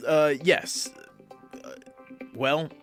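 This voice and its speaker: A man's voice: on the high side, very slow, fairly bright tone, soft background music, pitched above the performer's own voice. Man doing a polite, uneasy guide. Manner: hesitant, polite. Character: adult male guild guide, polite, uneasy.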